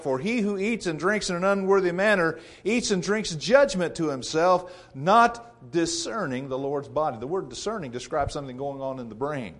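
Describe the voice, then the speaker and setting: A man preaching a sermon in an earnest, measured way, repeating phrases for emphasis. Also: fairly high pitch.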